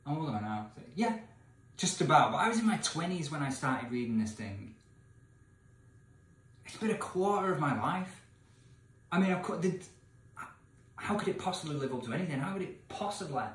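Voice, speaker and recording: An English man in his thirties with a slightly high voice, ranting in disbelief to the camera. He swings from loud, incredulous outbursts to mumbled asides. The room around him is echoey. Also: sing-song, moderate pace, long pauses. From England. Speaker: vlogger reading a gamebook. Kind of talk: exasperated rant to camera. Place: indoor room with candles, away from home.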